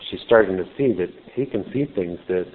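A man's voice: deep voice, moderate pace, slight background noise. A man preaching a conversational sermon, explaining a scripture story informally with casual asides. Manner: informal, explanatory, with "you know" fillers. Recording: tinny phone-like sound.

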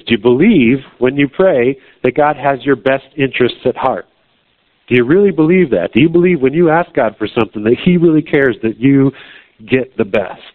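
A man preaches in an everyday conversational tone at a middle pitch, pressing his listeners with blunt questions. The sound is thin and narrow, like a phone line. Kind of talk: sermon.

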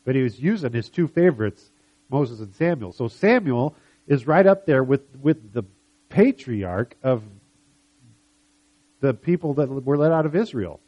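A man's voice: medium pitch, lively intonation, lo-fi sound. A man teaching a Bible story in a casual, conversational way, quoting the people in it as he goes. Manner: conversational, retells scenes with quick quoted voices. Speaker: preacher.

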